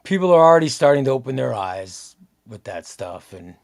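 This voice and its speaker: Gravelly, chatty male stream host. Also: mid-range voice, big pitch swings, normal speed. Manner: rambling, repeats himself, reads out chat comments. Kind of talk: casual live-stream chat.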